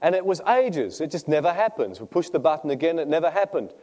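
A man's voice: fairly high pitch, expressive, fast, a little mellow. A man preaching a sermon, telling funny stories and often laughing at his own jokes. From Australia. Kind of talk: sermon with humorous anecdotes.

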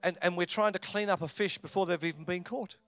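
A man, a pastor preaching a sermon, with loud emphatic lines and quiet asides. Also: sits high, quick pace, faint music behind. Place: church.

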